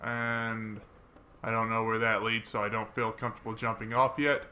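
A man giving casual, chatty commentary while playing a video game, mocking himself and breaking into excited swearing. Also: on the low side, normal speed. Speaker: gaming let's player.

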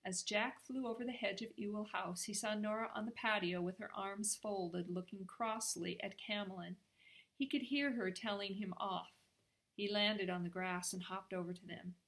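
A woman narrating a children's storybook in a gentle, even way. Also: mid-range voice, moderate pace. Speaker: reader.

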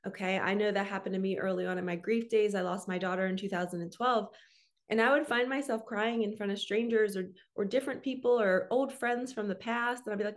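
A woman's voice: mid-range voice, fairly quick. A middle-aged woman speaking as a spiritual coach in a casual, earnest talk to camera. She chats freely and keeps adding "okay?" and "right?". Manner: earnest, chatty, often adds "okay?" and "right?".

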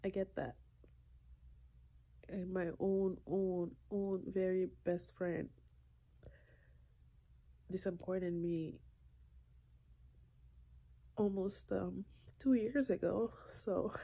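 Tearful, halting woman on a phone. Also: medium pitch, fairly even intonation, vocal fry. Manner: halting, soft-spoken, slipping into whispers. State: tearful, crying. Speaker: vlogger. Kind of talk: emotional confessional vlog. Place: indoors at night. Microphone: phone held close.

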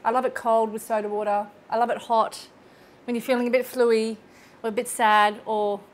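A woman's voice: a little high, level tone, normal speed. A chatty woman hosting a casual cooking demonstration in her home kitchen, laughing often. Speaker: cooking show host.

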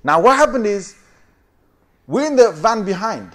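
A man preaching a sermon as a lively story. He often laughs, swings his voice up and down, and keeps checking with his listeners. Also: unhurried. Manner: animated, laughing often, big swings in pitch and loudness; chatty, asks the audience for agreement.

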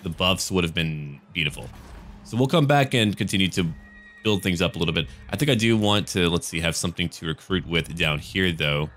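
A deep-voiced American man talking his way through a strategy game in an easygoing, joking way, cursing now and then. Faint game music plays behind his close desk-mic voice. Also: expressive, brisk, fairly bright tone. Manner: laid-back, chatty, jokey, swears casually. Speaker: gaming let's-play host. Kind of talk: casual game commentary.

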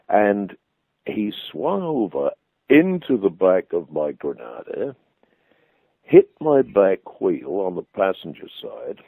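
Husky storyteller on a phone line. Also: male voice, lowish voice, no echo. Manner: vivid, animated raconteur. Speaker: storytelling guest. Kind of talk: anecdotal storytelling. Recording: dry tinny phone-like line.

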